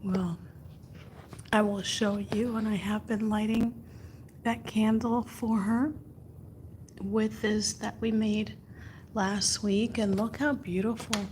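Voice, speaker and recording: A woman hosting a casual livestream, greeting viewers by name and sometimes dropping to a soft whisper. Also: medium pitch, fairly even intonation, slow, pauses often, a little hiss or hum. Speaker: livestream host. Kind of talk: casual live chat.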